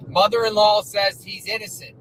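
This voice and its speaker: A man's voice: high voice, level tone, moderate pace, fairly bright tone, low-quality recording. A man on a livestream, chatting casually while driving and reading out news updates. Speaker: livestream co-host. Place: inside a moving car. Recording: road noise from a car.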